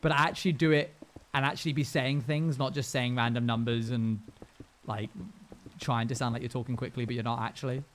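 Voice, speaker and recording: A man's voice: medium pitch, steady tone, brisk, a little hiss or hum. A young man live-streaming a game, chatting casually with his viewers in a rambling, self-amused way.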